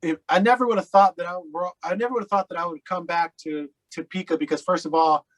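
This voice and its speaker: Higher-voiced rambling man. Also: fairly even intonation, fast, low-quality recording. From Colorado. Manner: loose and rambling, heavy on fillers. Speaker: interview guest. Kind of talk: casual personal storytelling.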